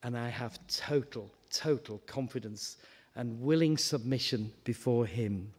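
A man's voice: mid-range voice, unhurried, husky. A man preaching an informal sermon, chatty, stumbling over repeated words, rising into eager questions. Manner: conversational, repeats words, rises to animated questions. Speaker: guest preacher. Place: church hall. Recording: long hall reverb.

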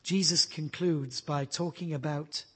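A man's voice: a little high, steady tone, unhurried, slightly rough. A man preaching a sermon, telling stories earnestly and building to fervent emphasis. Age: adult.

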